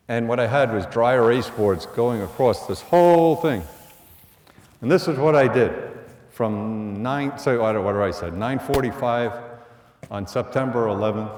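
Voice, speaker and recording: A man's voice: medium pitch, darkish tone. A middle-aged man from the Bronx with a New York accent, telling a blunt, conversational story to students as a police lieutenant and acting out the orders he gave. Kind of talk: storytelling talk to an audience. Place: school hall. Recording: echoey hall, from a distance.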